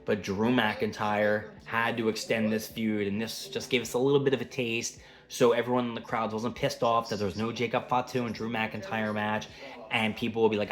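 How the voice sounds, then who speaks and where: A man's voice: lowish voice, level tone, normal speed. A man giving a casual, rambling wrestling recap with plenty of swearing. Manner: rambling, profane, conversational.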